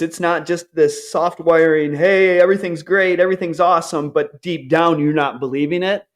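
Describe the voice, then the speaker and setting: A man in his forties telling a candid personal story in an earnest way, and he acts out his upbeat self-talk in a higher voice. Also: fairly even intonation, normal speed, few pauses.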